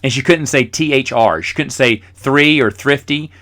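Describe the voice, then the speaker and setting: Middle-aged male host, casual storyteller, rambles and mocks himself, bright tone. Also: mid-range voice, moderate pace. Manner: rambling, self-mocking. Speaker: podcast host.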